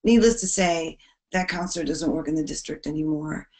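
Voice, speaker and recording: A woman with a deep voice moves briskly through an earnest presentation for teachers on stopping bullying, letting her tone fall soft at the weighty parts.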